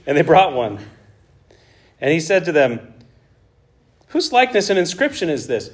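A man preaching a conversational Bible teaching, who acts out the dialogue with animated asides. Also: a little high, normal speed, pauses often.

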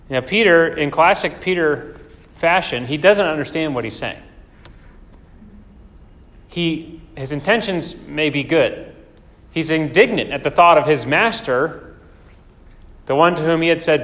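A man's voice: fairly high pitch, moderate pace, fairly bright tone. A man preaching a sermon in a conversational way, often asking rhetorical questions. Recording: long hall reverb.

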